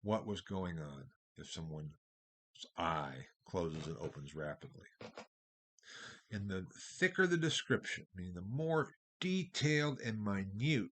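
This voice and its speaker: In a recorded university history lecture, a man speaks discursively in a deep, husky, expressive voice at a measured pace. His loudness swings widely.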